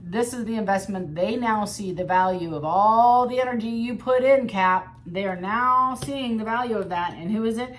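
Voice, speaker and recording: A woman's voice: mid-range voice, moderate pace, few pauses. A woman giving a casual tarot reading to her viewers, chatty and blunt, with the odd swear word. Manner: chatty, blunt, mildly profane. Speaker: tarot reader.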